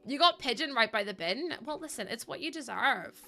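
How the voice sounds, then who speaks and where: A woman's voice: fairly high pitch, expressive, brisk, sharp tone, faint music behind. A young woman streaming, chatting casually with her viewers and laughing often. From Ireland. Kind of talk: casual live-stream chat.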